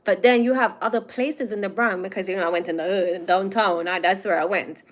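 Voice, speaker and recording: A Jamaican woman with a Jamaican accent hosts a casual, opinionated commentary monologue, stretching out her emphatic phrases. Her voice is medium-pitched and steady, and she talks fairly quickly.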